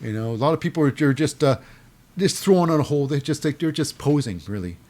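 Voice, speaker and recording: A man's voice: on the high side, expressive, fast, a little mellow. A man casually recapping a wrestling show, rambling with many fillers and restarts, sometimes acting out quotes in a raised voice.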